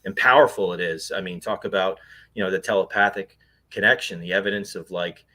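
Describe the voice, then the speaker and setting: Bright-voiced man telling a personal story. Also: sits low, fairly quick. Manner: rambling, full of fillers and restarts. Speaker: guest, paranormal investigator. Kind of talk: earnest personal storytelling in an interview.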